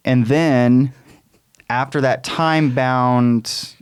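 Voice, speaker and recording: A man co-hosting a podcast, measured and questioning, with a joking side in casual chat. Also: mid-range voice, clear, resonant tone, no room sound, studio quality. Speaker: podcast co-host.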